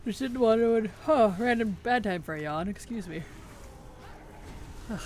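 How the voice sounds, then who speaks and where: A woman's voice: on the high side, expressive, measured pace, a little mellow, a little hiss or hum. A woman streamer in casual livestream chat, thanking subscribers, answering chat and giggling often.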